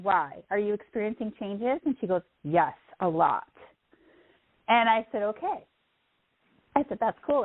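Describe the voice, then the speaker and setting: A woman's voice: mid-range voice, no room sound. A middle-aged woman telling a long personal story in casual chat, rambling and quoting others as she goes. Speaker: podcast guest. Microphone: phone line. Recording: tinny phone line.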